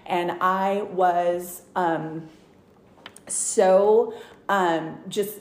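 A woman's voice: fairly low pitch, fairly even intonation, very slow, darkish tone. Earnest woman telling her story, roomy sound. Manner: earnest, many fillers and restarts, gets emotional. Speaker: guest sharing testimony. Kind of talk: casual storytelling. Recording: roomy echo.

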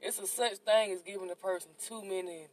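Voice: medium pitch, fairly even intonation, fairly quick, poor audio. A podcast co-host, talking in a playful, emphatic and self-mocking way. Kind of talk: casual chat.

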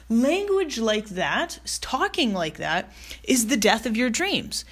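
A woman's voice: fairly high pitch, sing-song, a little slow. Emphatic woman giving a motivational talk. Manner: emphatic, repetitive, direct address with rhetorical questions; casual with fillers and mild swearing. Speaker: motivational speaker.

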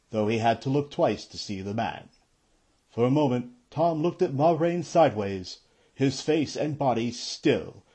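A man reads a fantasy novel passage aloud for his podcast, in measured storytelling narration. His voice is a little husky and breathy, at a middle pitch. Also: dark tone. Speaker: podcast host reading aloud. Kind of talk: audiobook-style reading.

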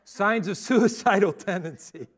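A man's voice: high voice, a little slow, a little hiss or hum. A middle-aged man preaching a sermon as pastor, earnest and emphatic, acting out what people might say. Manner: earnest, emphatic preaching with rising intensity and acted-out quotes.

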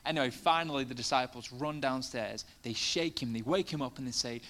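A man's voice: mid-range voice, brisk, a bit bright. Male preacher, casual and chatty in his sermon, swelling into fervent emphasis. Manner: conversational, many fillers, rising to passionate emphasis.

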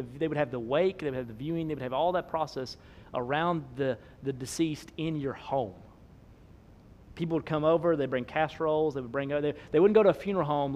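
A man, preaching a sermon, swinging between loud emphasis and soft low asides. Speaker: pastor.

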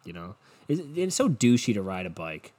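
A man's voice: lowish voice, big pitch swings, moderate pace, a little mellow. A young man hosting a solo podcast into a cheap desk mic at home, rambling in a crude, self-mocking way with lots of swearing. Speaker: podcast host. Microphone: cheap desk mic, headphones.

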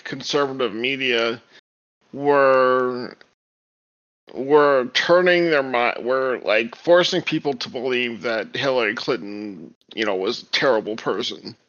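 Bright-toned hesitant man, muffled audio. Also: mid-range voice. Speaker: podcast co-host. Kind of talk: casual political chat.

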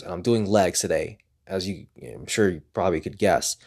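A man's voice: sits low, sing-song, normal speed, gravelly, darkish tone, husky. A man talking earnestly in a casual motivational vlog, rambling and repeating himself as he pushes himself on. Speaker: vlogger.

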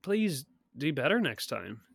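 The speaker is a podcast co-host, a little sick, casually chatting about a film in a rambling way, laughing often and restarting a lot. His mid-range voice is sing-song, unhurried, creaky and a touch rough, recorded dry and clean in a studio.

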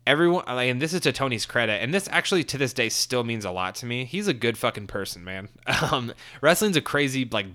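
A man's voice: medium pitch, very animated, fairly quick, few pauses, bright, forceful tone. A man in his twenties telling a story in a casual, rambling way, swearing a lot and full of fillers. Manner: profane, rambling, many fillers. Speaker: former wrestler telling a story.

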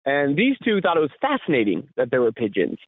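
A man co-hosting a podcast, telling a story in a casual, animated way, laughing often and swearing freely. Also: mid-range voice, fast, slightly rough, no echo. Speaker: podcast co-host. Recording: tinny phone-like sound, dry.

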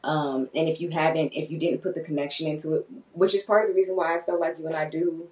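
A woman co-hosts a casual movie review podcast with a low voice. She is animated and swears freely, acting out quoted lines. Her voice sounds set back a little from the microphone. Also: fast, distant mic, rough recording. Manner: animated, swearing, quoting herself and others. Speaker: podcast co-host.

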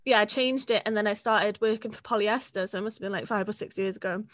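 A young woman, chatting casually as an interview guest, sweary and quick to laugh. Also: medium pitch, a bit bright, no echo, clean studio sound. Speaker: podcast guest, freelance journalist.

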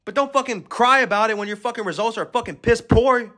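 A man's voice: extremely high pitch, fairly quick, bright, forceful tone. A man hosting a podcast, giving an aggressive, swear-filled motivational rant at the listener. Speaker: podcast host.

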